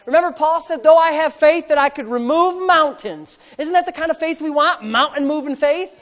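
A man preaching a sermon as pastor, repeating phrases in a rhythm, calling for amens, and swinging between hushed asides and loud outbursts. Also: very high voice, normal speed. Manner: repetitive, rhythmic phrasing with calls for amen.

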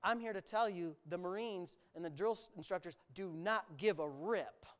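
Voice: medium pitch, normal speed. A preacher from the United States delivering a sermon, talking emphatically, stretching words for emphasis and adding sarcastic asides.

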